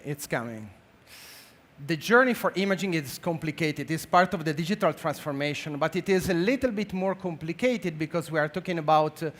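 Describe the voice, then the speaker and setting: A man with an Italian accent giving a conference talk on a stage, halting and full of fillers. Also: a little high, fairly bright tone. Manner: halting, many fillers and restarts. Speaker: conference speaker, marketing director. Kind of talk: conference presentation.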